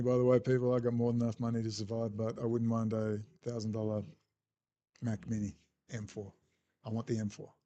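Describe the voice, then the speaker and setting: A man's voice: medium pitch, warm tone. A man hosting a casual livestream, rambling and bluntly answering chat messages as he goes. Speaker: livestream host reading chat.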